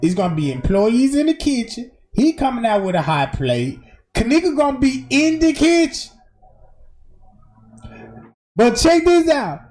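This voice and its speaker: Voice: high-pitched, measured pace, pauses often. A streamer giving casual, emphatic and profane commentary over video footage. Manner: animated, emphatic, slangy and profane.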